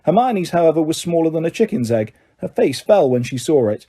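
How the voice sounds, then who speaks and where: A male audiobook narrator reading a novel in steady, measured storytelling. His voice sits a bit high for a man yet sounds mellow and warm. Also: husky. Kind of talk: scripted narration.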